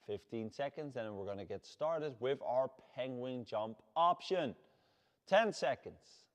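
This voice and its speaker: A man with a Dutch accent leading a workout class as fitness coach, shouting energetic encouragement. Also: mid-range voice, measured pace, dull audio. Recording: long hall reverb.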